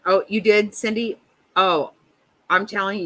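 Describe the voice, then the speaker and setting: A woman's voice: mid-range voice, animated, normal speed, fairly bright tone, poor audio. A woman in her fifties hosting a livestream, chatting casually with viewers and giving blunt, profane reactions to a trial. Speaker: livestream host.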